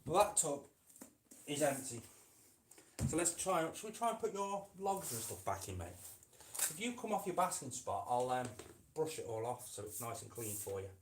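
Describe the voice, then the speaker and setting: A man's voice: mid-range voice, sing-song, normal speed. A man with a mid-range voice chats casually through a live stream, talking affectionately to his lizard as he sets up its tank. The room rings back with a noticeable echo. A faint hiss of noise sits under his voice, which sometimes drifts further from the camera. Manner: chatty, talks fondly to his lizard as "mate". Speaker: reptile keeper and channel host. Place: indoors by a reptile enclosure.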